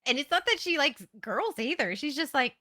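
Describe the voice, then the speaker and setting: A woman's voice: high-pitched, sing-song, normal speed, pushed and bright. Giggly, chatty woman in her thirties. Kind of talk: casual chat.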